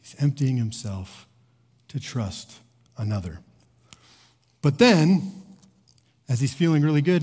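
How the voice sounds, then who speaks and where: A man's voice: medium pitch, a little mellow, slightly rough. Man preaching in a reverberant hall. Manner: storytelling with acted quotes, rising to emphatic repetition. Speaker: pastor. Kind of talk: sermon.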